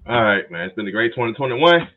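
A man hosting a podcast, wrapping up the episode with brisk, slangy banter. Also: mid-range voice, lively intonation. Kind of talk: casual sports chat. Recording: dull lo-fi sound.

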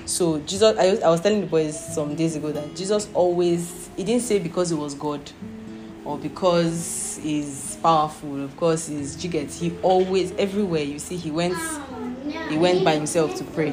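Woman, Bible study teacher, patient explaining, asks questions, fairly low voice, music in the background. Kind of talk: reading scripture aloud and explaining it.

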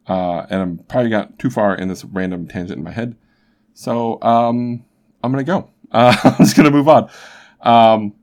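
A man's voice: on the low side, a little mellow. A young man hosting a podcast, telling a true crime story in a chatty, rambling way with lots of asides. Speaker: podcast host.

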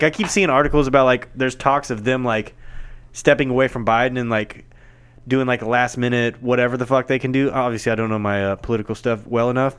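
A man's voice: medium pitch, a bit bright, clear, resonant tone. A man in casual, profane, joking banter, co-hosting a podcast chat.

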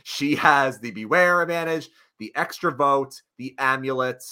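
A man with a bright, clear tone talks through the week's episode in a loose, rambling manner. He restarts sentences often and leans on fillers as he chats with his co-host. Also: mid-range voice, a little slow. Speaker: podcast co-host. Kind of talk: casual chat.

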